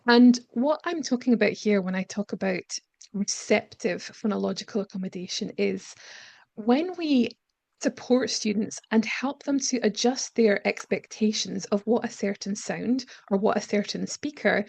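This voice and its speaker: Gravelly-voiced woman teacher trainer. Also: mid-range voice, darkish tone, no echo. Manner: measured explaining with frequent ums. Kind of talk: lecture-style webinar presentation.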